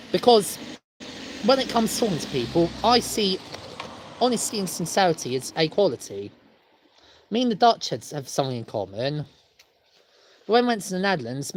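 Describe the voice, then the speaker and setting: Talking solo to camera, this English vlogger has a slightly bright voice on the low side, with a bit of background noise. Her comedy chat rambles from one joke to the next as she keeps apologizing, wanders off topic, and chuckles at her own humor.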